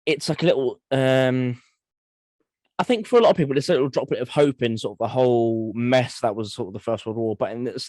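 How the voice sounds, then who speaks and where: A man co-hosting a casual history podcast, telling stories quickly and eagerly. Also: medium pitch, darkish tone, no room sound. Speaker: podcast co-host.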